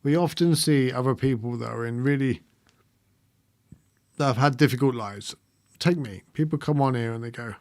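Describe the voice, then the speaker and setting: A man hosting a meditation livestream, talking softly and hesitantly with frequent pauses, reading out viewer comments as he goes. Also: medium pitch, dry recording, clean studio sound. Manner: soft-spoken, halting, with frequent ums and gentle laughs. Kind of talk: live-streamed reflective talk, reading viewer comments.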